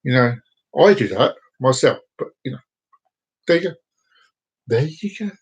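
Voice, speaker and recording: A man's voice: mid-range voice, animated, normal speed, slightly rough. A man hosting a casual live stream, rambling and telling groan-worthy jokes to viewers by name. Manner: chats directly to viewers by name.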